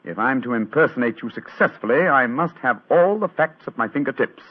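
A brisk, quick-talking detective. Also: male voice, medium pitch, lively intonation. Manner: crisp, polite, quick. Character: brisk, confident English detective. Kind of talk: 1940s radio acting. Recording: tinny old radio broadcast.

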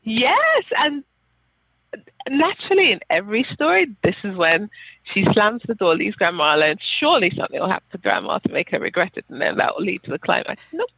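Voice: medium pitch, sing-song, a little fast, gravelly, husky, dry recording. A podcast co-host chatting casually about a book, wry and laughing often. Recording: thin phone-like call audio.

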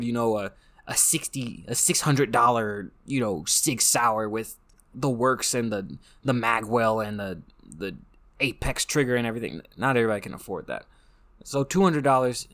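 A man's voice: medium pitch, a bit bright. An American man hosting a casual monologue, rambling and joking with frequent restarts. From United States. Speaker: podcast host.

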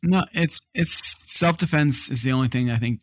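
Dry teasing co-host. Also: male voice, mid-range voice, normal speed, no echo. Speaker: podcast co-host. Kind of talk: casual chat.

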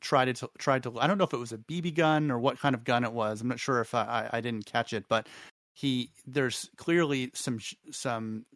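A man co-hosting a podcast, recapping a show in a thoughtful, halting way with many restarts. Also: mid-range voice, a bit bright, no room sound. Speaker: podcast co-host. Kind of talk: casual recap chat.

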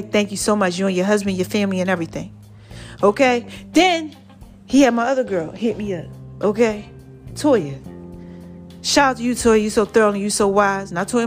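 A woman hosting her own podcast, telling a personal story in a chatty, testifying way and acting out her friends' lines. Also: mid-range voice. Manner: chatty, testifying, quotes friends in lively voices. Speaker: podcast host.

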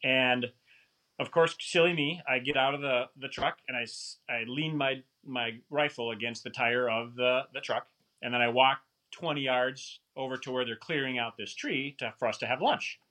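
A man telling a long story in a casual, animated, rambling way, often poking fun at himself. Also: mid-range voice, moderate pace. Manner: animated, rambling, self-mocking.

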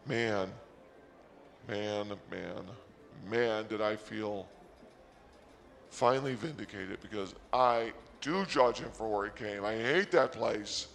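A man podcaster telling a rambling comic story, swinging erratically between mumbling and shouting, recorded at a rest stop. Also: lowish voice, takes it slowly, creaky, big-room sound. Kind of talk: rambling comedic monologue.

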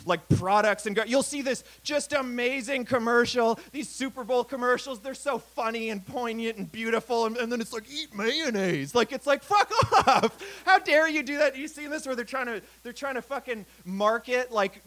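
A man's voice: high voice, fairly bright tone. A man doing a stand-up comedy set in a bar, rambling and self-deprecating, full of fillers and swearing, on a stage microphone. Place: comedy night in a bar venue.

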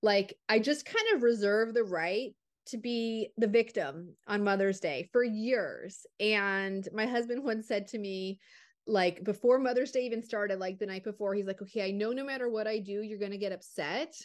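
A woman co-hosting a podcast, telling personal stories in an animated way and laughing often. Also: medium pitch, moderate pace. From desert region. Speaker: podcast co-host. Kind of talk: casual storytelling.

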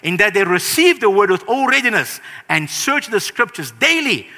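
Bright-voiced preacher in an echoing hall. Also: male voice, high voice, big pitch swings, moderate pace. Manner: earnest, emphatic preaching with sudden louder rises. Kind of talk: sermon. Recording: reverberant hall.

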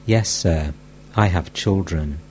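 A man's voice: low-pitched, takes it slowly, darkish tone, a little hiss or hum, voice pushed down. A man reading as a timid, deferential disciple. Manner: hesitant, deferential. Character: timid married male disciple, humbled and polite.

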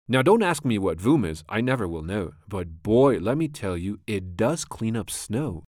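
A man reading a children's rhyming storybook aloud with a rhythmic, expressive delivery. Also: on the low side, normal speed, hardly any pauses, dry recording, studio quality. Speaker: storybook reader.

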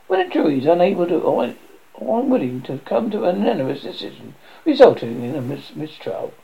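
A woman's voice: on the low side, very animated, creaky, dark tone. A woman voicing a know-it-all pig juror who rattles off a definition. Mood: lecturing. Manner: rapid, lecturing. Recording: dull lo-fi recording.

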